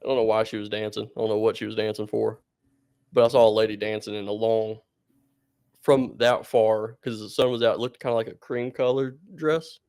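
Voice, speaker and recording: A man's voice: on the low side, fairly even intonation, fairly quick, a little mellow, clean tone, dry recording, clean studio sound. A man co-hosting a podcast, telling stories in a rambling, casual way and laughing often. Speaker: podcast co-host.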